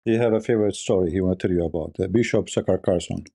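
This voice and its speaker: An online commentator doing casual live-stream commentary has a low, gravelly, dark-toned voice and talks at a racing speed. He sounds scornful, asks rhetorical questions, and repeats himself.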